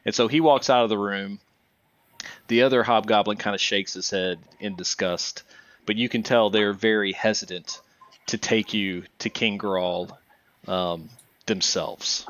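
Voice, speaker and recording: A man's voice: fairly low pitch, unhurried, dry recording. A man narrating a tabletop role-playing game as dungeon master, hesitant and casual with frequent restarts. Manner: relaxed, hesitant, restarts often.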